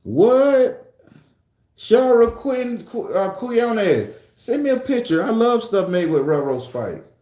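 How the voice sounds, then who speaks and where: A man chats on a livestream from a room at home, swearing freely and joking as he reads out viewer comments. His voice is mellow and warm, and the room adds a noticeable echo. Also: extremely high pitch, sing-song, slow pace. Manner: loose, profane, joking storytelling. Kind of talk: casual livestream chat.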